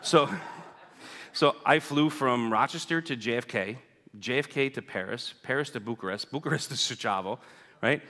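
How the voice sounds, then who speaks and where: A man's voice: medium pitch, normal speed, pushed and bright. A man telling a congregation a personal story in a chatty way, often tagging on "right?". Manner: chatty, keeps asking "right?". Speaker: guest speaker. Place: church sanctuary. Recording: long reverb in a big hall.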